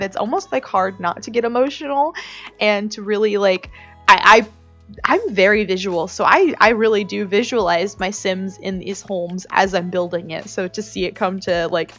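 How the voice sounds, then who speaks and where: Chatty sentimental woman, soft music behind. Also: medium pitch. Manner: chatty and sentimental, many fillers and restarts. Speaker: game builder and video creator. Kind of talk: casual voice-over while building. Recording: slightly dull audio with soft music beneath.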